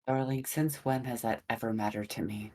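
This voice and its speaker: A podcast co-host with a dry, teasing, deadpan way of talking in casual chat. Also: mid-range voice, normal speed. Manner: dry, teasing, calls partner "darling".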